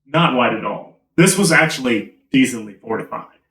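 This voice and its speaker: A man running a tabletop game as game master, narrating casually with halting pauses and fillers. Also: medium pitch, animated, fairly bright tone. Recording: roomy echo, from far off.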